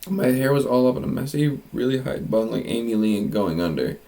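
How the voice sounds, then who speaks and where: Man, comedic fanfic reading, exaggerated delivery, strained voice, mid pitch. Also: fairly quick, vocal fry, mellow, low-quality recording. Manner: mocking, exaggerated line readings with asides. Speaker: fanfiction reader.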